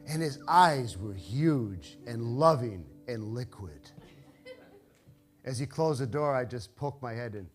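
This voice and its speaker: An older man telling a comic, personal story live on stage, wry and halting, with frequent restarts. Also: mid-range voice, lively intonation, faint music behind.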